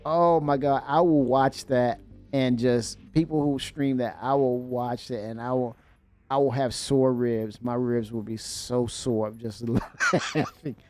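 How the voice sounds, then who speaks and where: A man hosting a livestream in casual chat, excitable and rambling, laughing often and filling pauses with "uh". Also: medium pitch, soft background music. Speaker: livestream host.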